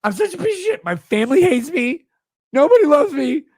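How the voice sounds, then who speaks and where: A drunk, slurring man voicing a whiny, pleading, self-pitying grown man in a high squealing whine. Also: sing-song, brisk, darkish tone, no room sound, studio quality, full character voice.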